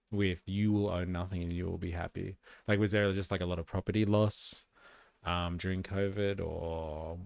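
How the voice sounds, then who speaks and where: Sarcastic, gravelly man streaming. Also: on the low side, no echo, studio quality. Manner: sarcastic, profane, opinionated. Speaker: streamer and commentator. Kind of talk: casual livestream commentary.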